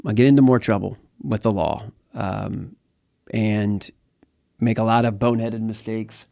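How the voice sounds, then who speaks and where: A man's voice: lowish voice, steady tone, measured pace, vocal fry, warm tone, dry recording, studio quality. A middle-aged man from the United States telling his life story as an interview guest, candid and rambling, with many fillers and restarts. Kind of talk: personal testimony in conversation.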